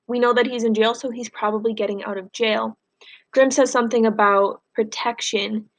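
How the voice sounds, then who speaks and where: Woman, teacher, slightly high-pitched, casual, explanatory, reading aloud. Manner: casual, explanatory, with fillers and restarts. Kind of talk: reading a novel aloud in a recorded lesson.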